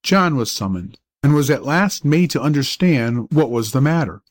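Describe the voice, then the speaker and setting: A male audiobook narrator tells a school story in a measured, even reading voice. His voice sits at an ordinary middle pitch. The recording is dry, with no room sound. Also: no echo. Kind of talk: scripted narration.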